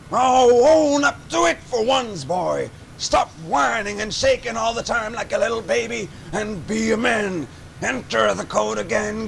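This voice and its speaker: A man's voice: high voice, creaky, fairly bright tone, slight background noise, heavily acted. An actor playing a condescending male scientist with a Russian-sounding accent, sneering at and scolding his assistant.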